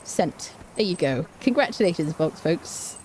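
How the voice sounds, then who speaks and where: A woman's voice: lowish voice, lively intonation, unhurried, darkish tone, slight background noise. A young woman, chatting playfully and laughing often as she live-streams a game. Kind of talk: casual live-stream chat while gaming.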